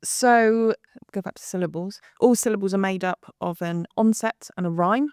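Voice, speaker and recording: A woman forensic linguist, a podcast guest, explaining her analysis step by step in a measured way with some fillers. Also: medium pitch, darkish tone, smooth, no room sound, clean studio sound.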